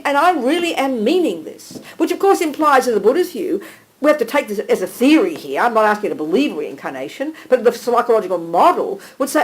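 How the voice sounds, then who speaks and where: A woman teaching a small group live, animated and direct, checking in with listeners by name and calling them darling. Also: on the high side, fairly quick, rough recording. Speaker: Buddhist teacher.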